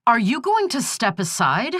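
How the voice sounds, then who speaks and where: A woman's voice: fairly high pitch, big pitch swings, normal speed, a bit bright, dry recording, clean studio sound, voice pushed up. A woman voicing an alarmed, protective heroine in an audiobook, urgent and pleading. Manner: urgent, pleading, rising to cries. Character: alarmed woman archaeologist, protective older sister. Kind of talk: audiobook character voice.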